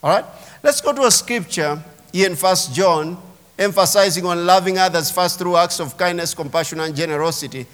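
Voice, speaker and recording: A pastor with a high-pitched, slightly bright voice preaches a sermon at a moderate pace, speaking emphatically and calling on his congregation to respond. He is in a church sanctuary, and the large hall gives a long reverb.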